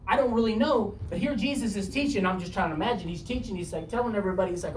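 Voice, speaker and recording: A woman's voice: very fast, hardly any pauses, a little mellow, a little hiss or hum. Woman preaching in an echoey room. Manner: reads scripture aloud and acts out dialogue with a shifting pitch. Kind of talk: sermon. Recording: roomy echo, distant from mic, faint ambience.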